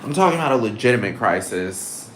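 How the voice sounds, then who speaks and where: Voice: mid-range voice, lively intonation, brisk. A speaker ranting in a casual monologue, swearing constantly and rambling with many "like"s and "dude"s. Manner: heavy swearing, rambling and exasperated; repeats phrases, many fillers like "like" and "dude". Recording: echoey room with faint background noise.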